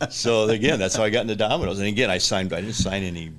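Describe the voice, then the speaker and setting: A man's voice: fairly low pitch, expressive, normal speed, long pauses, a bit bright. A middle-aged man, telling rambling business stories in a casual interview, acting out quotes with chuckles. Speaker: restaurant franchise owner, guest.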